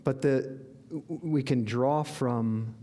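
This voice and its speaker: A man speaking slowly and deliberately as a spiritual teacher, earnest and reflective. His voice sits at a middle pitch for a man, and he warms into lively bursts of enthusiasm. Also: a little hiss or hum. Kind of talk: inspirational sermon.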